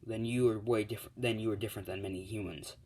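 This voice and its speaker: A man's voice: fairly low pitch, fairly even intonation, quick pace, darkish tone, lightly acted. A man voicing a curious, cheerful young male dragon in human form, told as a spoken fan story.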